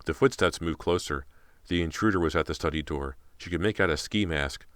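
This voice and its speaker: Very deep-voiced male audiobook narrator. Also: fairly quick, fairly bright tone, no echo, studio quality. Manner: tense, dramatic. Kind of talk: scripted narration.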